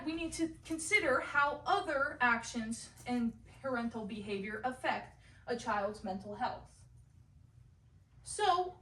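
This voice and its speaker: A young woman gives a class presentation in a high voice at an unhurried pace. She stops now and then with fillers and restarts. The recording is echoey, and she sounds some distance from the mic. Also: sharp tone.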